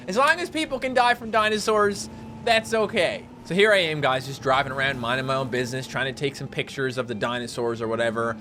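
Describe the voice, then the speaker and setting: Young male gaming host, jokey commentary, voice leaps high and wide when excited. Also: brisk, slight background noise. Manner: excitable, jumps into high-pitched outbursts. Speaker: gaming YouTuber.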